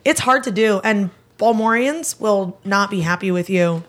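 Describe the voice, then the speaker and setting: A woman's voice: medium pitch, normal speed. A woman co-hosting a podcast, joking and bantering casually. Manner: jokey, playful banter. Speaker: podcast co-host. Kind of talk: casual chat.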